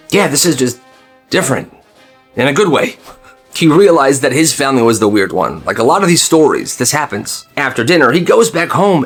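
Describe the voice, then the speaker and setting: A young man in casual, animated storytime narration who laughs and acts out voices. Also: medium pitch.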